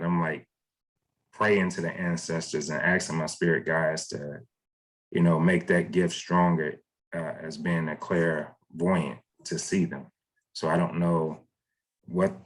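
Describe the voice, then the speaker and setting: Deep-voiced hesitant male psychic. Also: low-quality recording. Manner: hesitant, rambling with many fillers. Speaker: psychic medium giving a reading. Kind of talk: casual spiritual reading.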